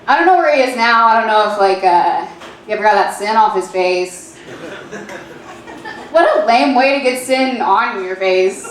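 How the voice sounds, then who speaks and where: A woman in her late twenties doing stand-up, with a halting, filler-heavy deadpan delivery. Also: mid-range voice, a little hiss or hum. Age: 20s. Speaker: stand-up comedian. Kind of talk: stand-up comedy set. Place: comedy club stage. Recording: echoey club room.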